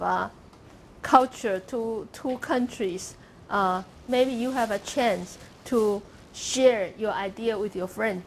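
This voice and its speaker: A woman's voice: on the high side, slight background noise. A woman giving a university lecture to a class of students, explaining step by step and modelling pronunciations aloud as she goes. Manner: explains step by step, demonstrating pronunciations and asking "okay?".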